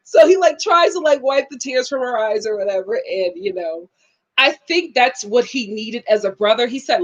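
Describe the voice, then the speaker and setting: A young woman with a high voice chats through a reality show review. She is animated and sassy, laughing often and acting out the people she describes. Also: normal speed. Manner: animated, laughing, acts out quotes, sassy asides. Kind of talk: casual live review chat.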